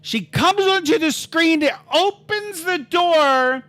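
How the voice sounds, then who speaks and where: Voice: very high-pitched, animated, takes it slowly, fairly bright tone, soft background music. A livestreamer telling a rambling, heated story in casual chat, swearing freely and talking over their own restarts.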